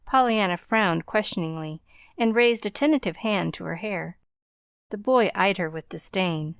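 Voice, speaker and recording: A woman narrating a novel in a calm, measured storytelling voice. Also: mid-range voice, creaky, clear, resonant tone, dry recording, studio quality. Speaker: audiobook narrator. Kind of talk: scripted narration.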